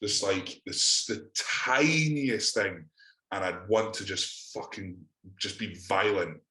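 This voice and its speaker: Scottish man, low voice, casual sweary banter, echoey room. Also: slow, sharp tone. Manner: sweary, laughing storyteller. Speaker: podcast co-host. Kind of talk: casual chat.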